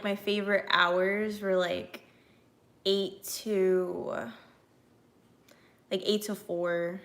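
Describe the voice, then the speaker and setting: A young woman chats with her stream audience in a bright, sharp voice. She rambles casually with lots of fillers and breaks into laughs while answering viewers. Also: medium pitch. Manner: chatty and animated, many fillers, laughs often; reads and answers chat messages.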